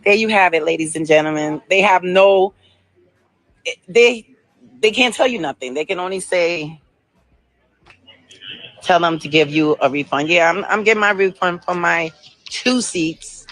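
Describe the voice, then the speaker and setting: Upset woman ranting into her phone at the airport, sharp questions, sometimes drifts off mic. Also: on the low side, a little slow, long pauses, poor audio. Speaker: vlogger. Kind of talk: filming herself in a casual rant.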